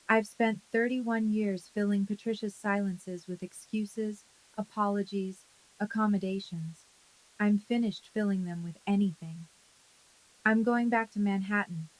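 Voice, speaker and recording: Woman calmly narrating a first-person story. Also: mid-range voice, low-quality recording.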